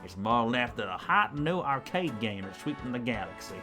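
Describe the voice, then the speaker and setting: A pushy alien shopkeeper with folksy, hard-selling patter, as a man puts him on for a game playthrough. The accent drifts as he talks, and his pitch swoops up and down. Soft music plays underneath. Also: very animated, moderate pace, close to an everyday voice. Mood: salesy. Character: pushy male alien gift-shop salesman.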